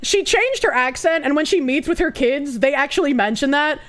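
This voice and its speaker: A young woman streamer giving casual movie commentary, rambling and animated, with many fillers and restarts. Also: sits high, moderate pace.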